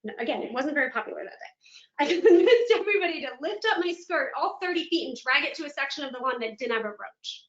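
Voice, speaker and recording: A woman motivational speaker giving a virtual keynote, telling stories in an animated, dramatic way. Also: sits high, quick pace. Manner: animated, dramatic storytelling with laughs. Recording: echoey room, dull lo-fi sound.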